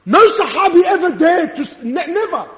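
A man's voice: extremely high pitch, sing-song, brisk. A male preacher giving an impassioned, rhetorical sermon, challenging his listeners. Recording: echoey hall, dull lo-fi sound.

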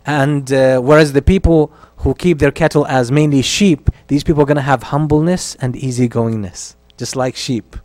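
A man's voice: medium pitch, moderate pace, hardly any pauses, a little mellow, no room sound. A man giving a religious history lesson. He recites Arabic lines, translates them and repeats key phrases for emphasis. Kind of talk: lecture on early Islamic history.

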